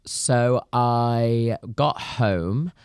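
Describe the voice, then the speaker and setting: A young man, a podcast co-host telling a story in casual chat, animated and laughing as he goes. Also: medium pitch, very slow, clear, resonant tone, no echo, studio quality.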